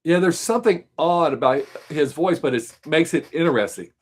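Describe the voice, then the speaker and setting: A man's voice: a little high, lively intonation, moderate pace, slightly rough. Man musing on a live stream. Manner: musing, rambling, joking. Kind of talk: casual chat with viewers.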